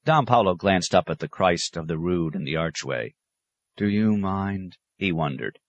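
A man reading a novel aloud with calm, expressive narration. His voice sits fairly low and moves with lively intonation, and the recording is dry and close with no room sound. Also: moderate pace, no room sound. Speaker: audiobook narrator. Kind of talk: scripted narration.

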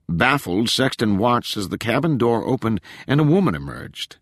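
A man narrating a thriller audiobook in a dramatic, expressive storytelling style. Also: lowish voice, moderate pace, few pauses, no room sound, studio quality. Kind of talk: scripted narration.

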